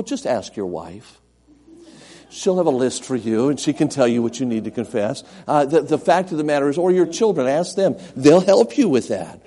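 A middle-aged male pastor delivers a sermon in an earnest preaching manner. His voice is warm and mellow, at a middle pitch. He repeats phrases and swings between loud and hushed delivery. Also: husky.

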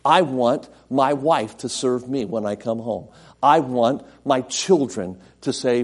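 A middle-aged man preaching a sermon as pastor, earnest, repeating himself and moving between loud and soft delivery. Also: mid-range voice, unhurried.

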